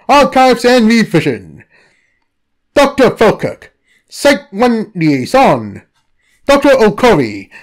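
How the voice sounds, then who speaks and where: Lively narrator reading anomaly files. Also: mid-range voice. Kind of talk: comedic scripted narration of an anomaly file.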